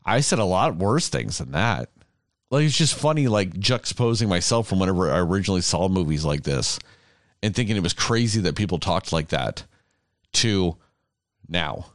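Deep, lively-voiced man, casual chat. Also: moderate pace, no echo, studio quality. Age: 30s. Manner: rambling, swears a lot. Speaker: podcast host.

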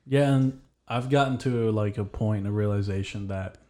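A podcast host with a low, warm, mellow voice. He rambles along casually and swears constantly while he chats. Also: moderate pace. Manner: rambling and heavily profane. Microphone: headphones and studio mic.

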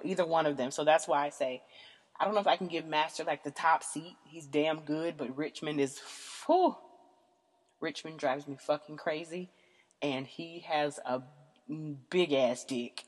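A woman's voice: sits low, measured pace. A woman hosting a casual podcast episode, talking frankly and rambling, with lots of fillers and profanity. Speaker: podcast host. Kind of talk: casual candid monologue. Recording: long hall reverb.

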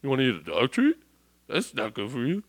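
A man's voice: medium pitch, wildly swooping pitch, brisk, pitched below the performer's own voice. A man imitating his brother as a scoffing guy who keeps repeating "wait" in disbelief. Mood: disgusted.

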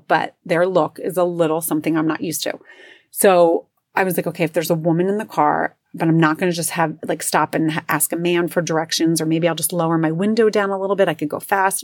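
A woman hosting her own podcast, telling a story in a casual, animated way and acting out the people she quotes. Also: fairly low pitch, a little fast, dry recording, clean studio sound. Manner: animated, acts out quoted voices, laughs often. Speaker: podcast host.

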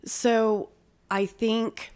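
A woman hosting a true-crime podcast, talking casually with frequent swearing and quick bursts of speech. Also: fairly high pitch, little pitch movement, a little mellow, clean tone. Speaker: podcast host.

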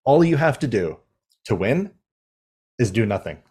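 A man's voice: mid-range voice, big pitch swings, moderate pace, darkish tone, breathy edge. A man voicing a sneering male robot warlord who taunts his enemy with contempt. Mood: taunting.

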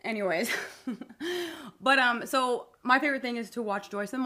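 A woman's voice: a little high, normal speed, pushed and bright. A woman co-hosting a podcast in casual chat, telling stories and laughing often. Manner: chatty, storytelling, laughs often. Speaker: podcast co-host.

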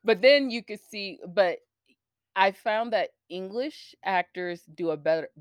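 A woman co-hosting a podcast in easygoing casual chat, opinionated and quick to laugh. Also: medium pitch, expressive, clean tone, no echo. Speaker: podcast co-host.

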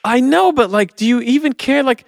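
Very high-pitched with vocal fry and a slightly fast delivery, a young man co-hosting a casual movie review podcast goes on a profane, heated rant. He mocks the people he quotes by imitating them. There's no echo, and the sound is studio quality.

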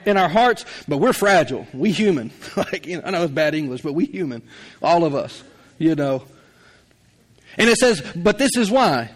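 Man preaching, high voice, folksy and chatty, middle-aged, laughs between points. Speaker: pastor. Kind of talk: sermon.

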